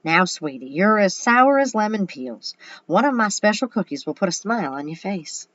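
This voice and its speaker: A woman's voice: mid-range voice, very animated, normal speed, fairly bright tone, dull audio, pitched above the performer's own voice. A woman putting on a sugary Southern cafeteria cook. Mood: coaxing. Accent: American Southern (put on).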